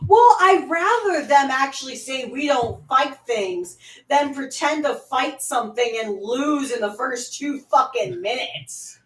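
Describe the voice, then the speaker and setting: A woman's voice: sits high, unhurried, hardly any pauses. A woman chatting casually and bluntly with frequent swearing while nursing a headache. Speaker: co-host. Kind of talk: casual reaction chat. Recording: echoey room, far from mic.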